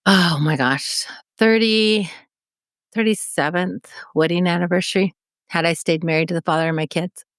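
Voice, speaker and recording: A woman's voice: lowish voice, moderate pace, dry recording. Woman, forties, from Mexico, emotional storytelling, dry recording. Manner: vivid, acts out remembered dialogue. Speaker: podcast guest.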